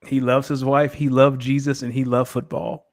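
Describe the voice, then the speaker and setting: A man's voice: mid-range voice, little pitch movement, moderate pace. A man co-hosting a casual sports podcast, talking in a laid-back, teasing way. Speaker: podcast co-host.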